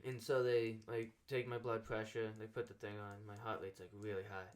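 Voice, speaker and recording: A young man hosting a relaxed chat show, winding through a story and slipping into the voices of the people in it. He leans on fillers and restarts as he talks. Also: lowish voice, moderate pace. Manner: rambling anecdote full of "like" fillers, acting out quoted dialogue. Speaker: podcast host.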